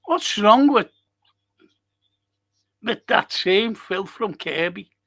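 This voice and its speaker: Scouse man, bright high voice, slow, sweary watch-along streamer. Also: gravelly. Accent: Liverpool. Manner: sweary, excitable, heckling the players. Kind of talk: live match commentary and chat reading.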